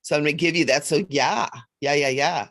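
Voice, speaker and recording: A woman hosting a casual psychic livestream, chatty and animated, often laughing as she reads cards. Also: deep voice, fairly quick. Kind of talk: casual livestream chat with card readings.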